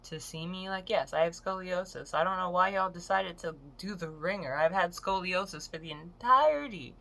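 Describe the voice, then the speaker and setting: Woman, late twenties, lower voice with a bright, sharp edge, swearing freely through a casual vlog rant. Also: normal speed. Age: 20s. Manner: frank, profane, exasperated storytelling. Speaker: vlogger.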